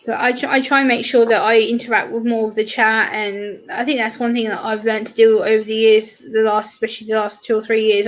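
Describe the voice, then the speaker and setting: A British woman with a fairly high voice hosts a casual livestream chat. She talks at an easy clip and slips into quick, bright little voices when she quotes her viewers. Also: rough recording. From Britain. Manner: chatty, acts out what others said in quick bright voices. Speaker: livestream host.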